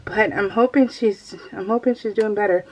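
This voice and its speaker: A woman's voice: medium pitch, normal speed, darkish tone, muffled recording. Middle-aged mom vlogging while she crafts, chatty and rambly, laughs a lot, talks right to viewers. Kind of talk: casual chat while crafting.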